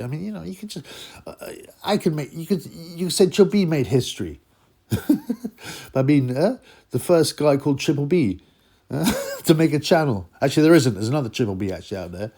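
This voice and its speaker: Male boxing-channel host, gravelly fry, rambling mocking delivery, mid-pitched. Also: expressive, fairly quick, warm tone. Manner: rambling, mocking, laughs at own jokes. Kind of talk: casual rambling commentary.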